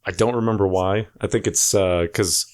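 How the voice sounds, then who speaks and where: A man's voice: deep voice, fairly even intonation, normal speed. A young man co-hosting a podcast, chatting loosely with lots of swearing and joking asides. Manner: loose, profane, jokey with bursts of silly impressions. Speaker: podcast co-host. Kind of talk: casual chat.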